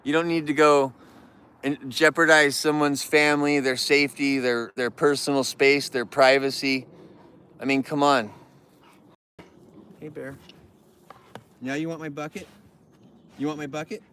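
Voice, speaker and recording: A man's voice: a little high, flat delivery, a little slow, pauses often, a bit bright, smooth. Ranting man live-streaming among bears. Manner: ranting, scolds viewers and bears. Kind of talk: rambling live-stream chat. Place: outdoors near bears.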